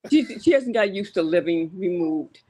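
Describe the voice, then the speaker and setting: A woman's voice: on the low side, lively intonation, moderate pace, warm tone, a little hiss or hum. A woman calling in to a show, hesitant with many ums, giving firm opinions. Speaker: caller. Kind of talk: casual call-in opinion.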